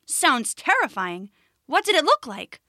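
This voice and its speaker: Woman doing a calm, knowing frog. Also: high voice, no room sound, studio quality, pitched above the performer's own voice, exaggerated voice. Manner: easygoing, knowing, unhurried. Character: calm, wily male frog.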